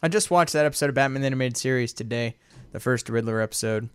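Podcast co-host, man, smooth clear voice, dry close sound, rambly and excitable. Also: mid-range voice, fast, dry recording. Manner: excited, rambling, laughs often. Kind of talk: casual chat.

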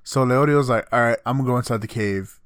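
A man's voice: medium pitch, fast, clean tone, dry recording, studio quality. A man co-hosting a casual podcast chat, recapping anime episodes in a loose, profane way. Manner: loose, profane, acts out characters in a flat voice. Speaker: podcast co-host.

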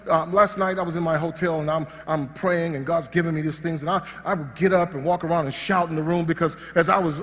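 A man preaching a sermon in a church hall, his voice sitting high for a man. He talks in an animated, joking way and often restarts his sentences. Long reverb rings out behind his words. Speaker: pastor.

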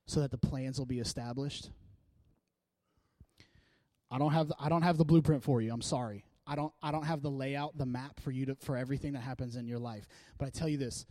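With a mid-range voice and no echo in the recording, a man preaches in a fervent but casual way. Joking, energetic and laughing frequently, he spurs his congregation onward.

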